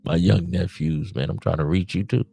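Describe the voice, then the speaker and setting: A man with a very low, gravelly voice runs a loose late-night podcast stream. He lectures his listeners like an uncle handing out hard-won street advice, with faint music playing behind him. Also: normal speed, warm tone. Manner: streetwise, preachy advice to "nephews". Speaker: podcast host. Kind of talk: casual late-night livestream monologue.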